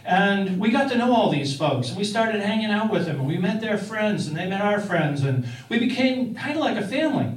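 A man with a high, very animated voice tells a first-person story conversationally, fairly quickly with few pauses, using fillers and restarts. The recording is roomy and distant-miked.

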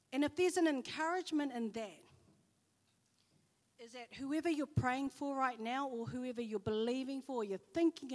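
A woman's voice: a little high, long reverb tail. A woman with a New Zealand accent preaching a sermon, telling personal stories and acting out the dialogue.

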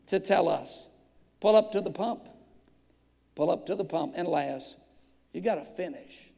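A man's voice: high voice, a little slow, gravelly, long pauses, warm tone. A man in his fifties, a pastor preaching a sermon with humorous stories that rise to fervent preaching. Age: 50s. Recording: long reverb of a church hall.

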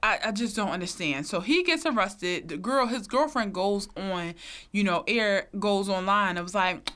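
A woman's voice: medium pitch, expressive, moderate pace, a bit bright. Blunt, laughing woman in casual chat. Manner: blunt, laughing, slangy storytelling. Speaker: podcast co-host.

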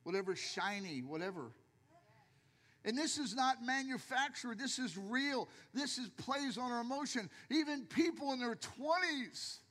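An older male pastor preaching a sermon in a church with jokey, animated storytelling, acting out the voices of people in his stories. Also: very high voice, measured pace, in a large hall.

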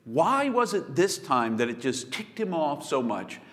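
A man preaching a sermon, telling the story with swings between loud bursts and hushed asides. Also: a little high, big pitch swings, a little slow. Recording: long hall reverb.

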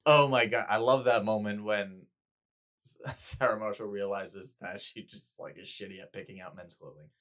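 A man's voice: lowish voice, fairly even intonation, moderate pace, fairly bright tone. A man chatting casually about a movie, laughing often and acting out quoted lines. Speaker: podcast co-host.

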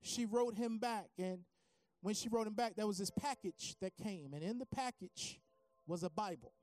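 A preacher giving a sermon, telling a story and building from calm teaching to shouted, sing-song preaching. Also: mid-range voice, moderate pace.

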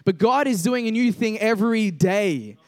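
A young man preaching a casual sermon to a congregation, reading scripture, joking with the listeners and slowing down for emphatic points. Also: high-pitched, expressive. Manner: conversational, jokes with congregation, builds to emphatic slow declarations.

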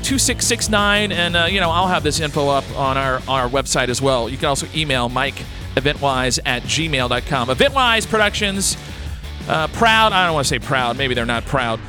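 A man's voice: fairly high pitch, expressive, normal speed, pushed and bright, soft background music. A man hosting a radio talk show, rambling and blunt, with crude words and many fillers.

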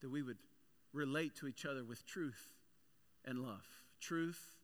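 Forceful, bright-voiced male pastor. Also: a little high, normal speed. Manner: energetic storytelling, animated. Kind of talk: sermon.

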